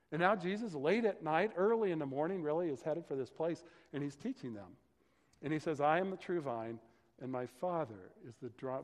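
A male pastor teaching a sermon from scripture in a conversational, explanatory way, often checking in with "okay" and "right". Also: a little high. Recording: long hall reverb.

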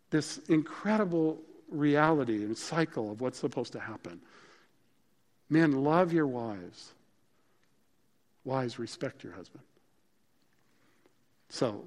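A man's voice: a little high, expressive, measured pace, long pauses. Man, pastor, conversational emphatic sermon, slightly raised voice, long reverb of a large hall.

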